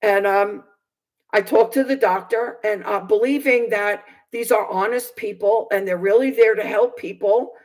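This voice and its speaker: A woman who preaches on video tells her own story as a personal testimony, in an earnest, indignant and halting way with many fillers and restarts. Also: medium pitch, darkish tone, poor audio.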